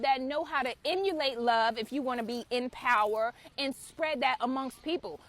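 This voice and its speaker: A woman hosting her own spiritual channel, giving an impassioned, preachy talk to camera and swearing freely. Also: sits high. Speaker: spiritual author and channel host.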